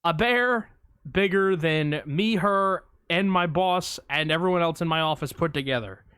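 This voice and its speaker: A man co-hosting a casual movie podcast, telling stories in an animated, boastful way. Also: on the high side, a little slow, clean tone, no echo, studio quality. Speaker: podcast co-host.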